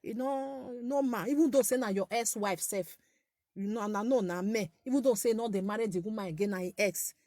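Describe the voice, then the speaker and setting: A woman's voice: mid-range voice, a little fast, a little mellow, no echo, clean studio sound. A woman in her forties with a Nigerian accent and a light, girlish voice, hosting a casual live chat with her followers. She talks in a chatty, scolding way, repeats herself and laughs often. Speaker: social media page host.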